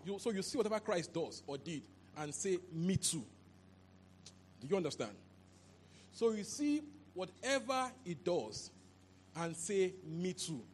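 A man preaching a sermon into a handheld mic, animated and repetitive, often asking if the listeners understand. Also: high voice, a little hiss or hum. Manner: animated, repeats phrases, asks "you understand?". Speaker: pastor.

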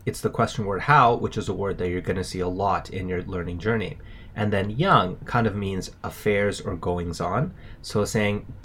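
Man, husky tone, low pitch, steady lesson co-host. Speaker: language podcast co-host. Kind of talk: scripted lesson explanation.

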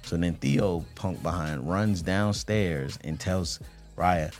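A man in his thirties co-hosting a marriage podcast, telling a family story in a loose, animated, slangy way. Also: deep voice, takes it slowly, soft background music. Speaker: podcast co-host. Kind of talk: casual chat.

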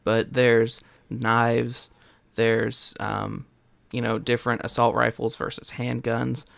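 A man's voice: medium pitch, level tone, slow pace, gravelly, a bit bright, no echo. A man co-hosting a casual podcast, thoughtful and explaining his views at length. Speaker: podcast co-host.

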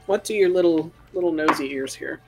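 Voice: mid-range voice, brisk. A game master narrating a tabletop game in a loose, casual ramble. Each description is padded with fillers and restarts. Faint music plays in the background.

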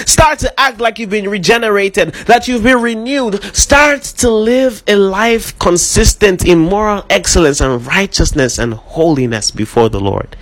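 A man's voice: high-pitched, a bit bright. A man preaching a sermon with fervent, repetitive exhortation, then leading a prayer.

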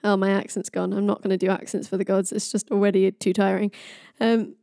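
A young woman retells old myths on a podcast in a chatty, casual way, full of jokey asides. Her voice is mellow and soft-edged. The recording is dry and close. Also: medium pitch, little pitch movement, brisk, creaky, no room sound. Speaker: podcast storyteller.

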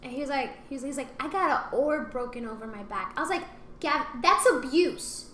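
A woman's voice: high voice, fast. A young woman telling stories in casual podcast chat, acting out other voices and dropping into whispered asides. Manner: animated storytelling, acts out voices, drops to whispers. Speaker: podcast co-host. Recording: echoey room with faint ambient noise.

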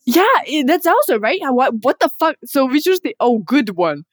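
A woman's voice: sits high, big pitch swings, a little fast, no room sound, clean studio sound. A young woman chatting casually, switching between Latvian and English, swearing and laughing as she tells a story. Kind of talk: casual chat.

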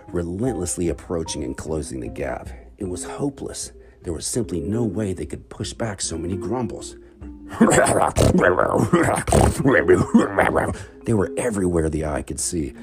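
Deep-voiced man telling a bedtime story. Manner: expressive, dramatic read-aloud.

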